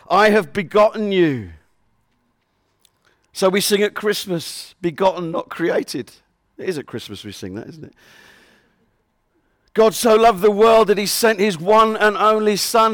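Earnestly preaching a sermon, a man with a fairly high, fairly bright voice returns again and again to scripture verses, repeating them for emphasis. The recording is close and dry, free of room echo.

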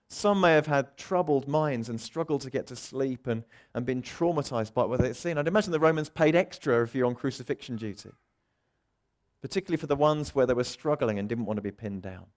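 A man preaching a sermon, dramatic, acting out the voices he quotes and swinging between loud and soft. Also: mid-range voice.

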